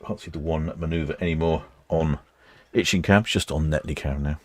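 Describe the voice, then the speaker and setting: Male live-stream host, extremely low voice, relaxed and rambling, talks to his viewers. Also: a little fast, dry recording. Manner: chatty, rambling, self-correcting. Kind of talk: casual live commentary.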